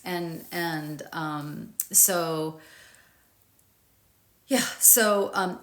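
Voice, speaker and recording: A woman's voice: on the low side, a bit bright. A woman author talking candidly to camera about her grief guide, frank and informal, swearing freely and thinking aloud. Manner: thinks aloud with fillers and restarts.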